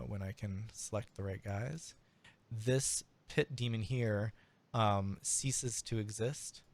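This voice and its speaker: A man narrating as game master, halting and full of fillers. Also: lowish voice, no room sound.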